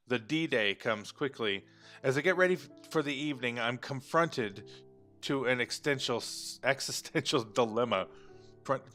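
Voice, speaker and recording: A man reads a story game aloud, stopping to joke about the text and to correct himself. His voice is bright and forceful at a mid pitch. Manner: reads the story aloud, breaking off for joking asides. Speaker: game player reading aloud. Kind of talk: let's play narration with commentary.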